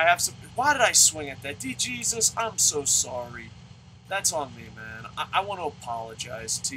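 A man in his thirties commentating his own video game play at home, excitable and swearing, shouting at the game between rambling talk about his goals. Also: medium pitch, a little hiss or hum, low-quality recording. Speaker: gaming video host.

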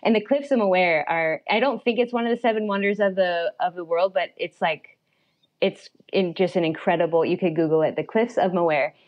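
A young adult woman telling a personal story as a podcast guest, animated and chatty, with lots of fillers and little laughs. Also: lowish voice, fairly quick, lo-fi sound. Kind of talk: storytelling in a casual chat.

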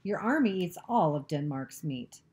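A young girl bluffing her way past soldiers, chattering and answering back with insolent defiance, as a woman reads her aloud. She sounds higher than the reader's own low, mellow register, a storybook voice with a warm, soft tone. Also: animated, moderate pace, close to an everyday voice. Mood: defiant. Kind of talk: storybook reading.

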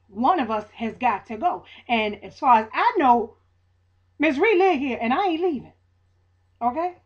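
A woman's voice: a little high, highs cut off. A woman giving a casual spoken faith testimony to viewers in Southern US vernacular, preachy, repeating her lines for emphasis. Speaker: vlogger sharing a faith testimony.

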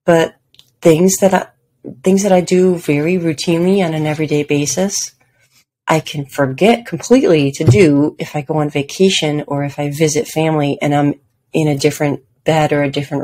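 A woman's voice: low-pitched, steady tone, normal speed, dark tone. A woman hosting her own podcast, talking casually and self-deprecatingly about her daily habits, often laughing at herself. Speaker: podcast host. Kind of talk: casual solo podcast talk.

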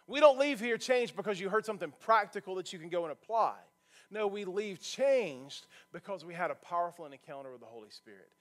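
A man's voice: high-pitched, a bit bright. A male pastor preaching a sermon from a church stage, earnest and building to emphatic points.

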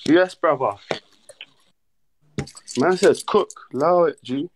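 A man's voice: fairly high pitch, slow, a little hiss or hum. A man hosting a livestream, chatting casually in slang and bantering with viewers. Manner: laid-back, slang-heavy, banters with viewers. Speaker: livestream host.

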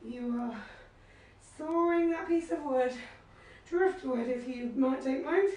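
Breathless high-voiced woman instructor, far from the mic in a very echoey room, low-quality stream. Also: slow pace, a little mellow. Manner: encouraging, cueing moves and counting reps. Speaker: fitness instructor. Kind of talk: live workout class instruction. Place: living room at home.

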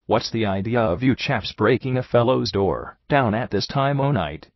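A man voicing a cheery young man of the house who talks in a breezy, slangy way, with a husky voice. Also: medium pitch, normal speed, no echo, dull audio, close to an everyday voice. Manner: breezy, slangy, then huffy. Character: cheery young host, easily annoyed.

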